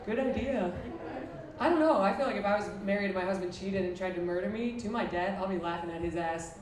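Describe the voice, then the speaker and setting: Speaking fast at a medium pitch, this thirty-something woman from Buffalo, New York works a live audience with crude, self-deprecating stand-up in an old library. Crowd noise and laughter fill the echoey, noisy recording from a far-off room mic.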